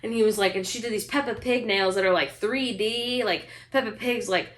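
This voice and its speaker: A woman vlogger chatting casually, telling a story full of fillers and quoting people in a higher voice. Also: fairly quick. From United States. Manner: chatty, lots of fillers, mimics other speakers with a higher voice.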